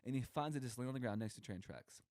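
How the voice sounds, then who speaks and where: A young man co-hosting a podcast, rambling through a comic story and slipping into quoted voices as he goes. His voice is mellow and warm, recorded dry and close. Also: mid-range voice, fast talker, no room sound. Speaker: podcast co-host. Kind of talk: casual comedic monologue.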